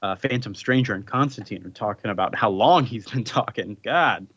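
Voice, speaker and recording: A man's voice: on the low side, normal speed, a bit bright, breathy edge, no echo, muffled recording. Man rambling through a comic recap. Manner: loose, rambling retelling with playful paraphrased quotes. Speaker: podcast co-host. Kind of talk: casual comic recap chat.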